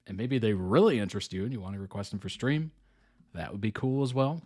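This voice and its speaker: A man's voice: lowish voice, expressive, quick pace, darkish tone. Chuckling casual male reaction host. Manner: rambling, many fillers, frequent chuckles.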